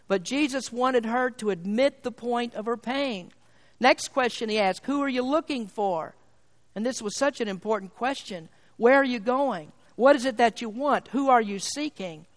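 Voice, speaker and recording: A man's voice: high-pitched, fairly bright tone, in a large hall. A man preaching a sermon in a church, emphatic and full of rhetorical questions.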